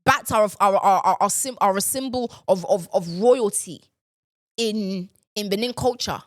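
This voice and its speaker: A young woman hosting a casual solo podcast chat, sarcastic and animated, jumping from loud outbursts to low mutters. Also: normal speed, no echo, studio quality. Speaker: podcast host.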